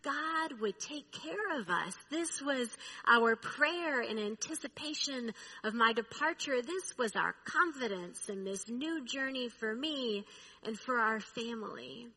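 A woman preaching, telling a personal story in a slow, reflective way. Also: on the high side, lively intonation, sharp tone, breathy edge, poor audio.

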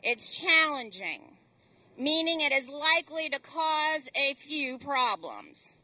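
A woman preaching a sermon with a deliberate, emphatic delivery and dramatic pauses. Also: high-pitched, very animated, pushed and bright, no echo, far from the mic.

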